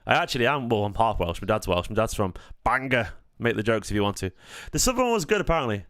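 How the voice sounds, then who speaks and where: A man's voice: lowish voice, big pitch swings, fast, hardly any pauses, a bit bright, dry recording, studio quality. A man with a Mancunian accent hosting a fan channel live stream, rambling, joking and swearing in casual chat. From Manchester, England.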